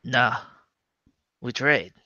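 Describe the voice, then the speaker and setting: A tabletop role-play player who talks slowly and hesitantly, with many fillers, in and out of character. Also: medium pitch, bright, forceful tone, dry recording, highs cut off.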